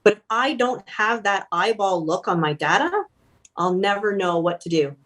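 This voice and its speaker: A woman's voice: medium pitch, expressive, moderate pace, a bit bright. A woman from Canada who works as a fractional operations officer, talking directly and laughing often as a guest in a casual interview.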